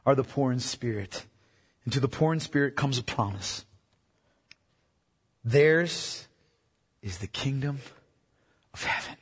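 A man's voice: fairly high pitch, a bit bright, breathy edge. A man preaching a sermon, speaking with emphasis, repeating key lines and putting questions to his listeners. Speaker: pastor. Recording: long hall reverb.

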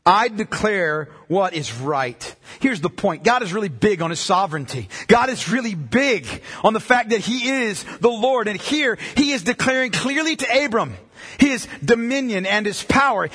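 High bright preacher in a reverberant hall. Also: male voice, lively intonation, breathy edge. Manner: emphatic, slows down to read scripture aloud. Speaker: pastor. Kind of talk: sermon.

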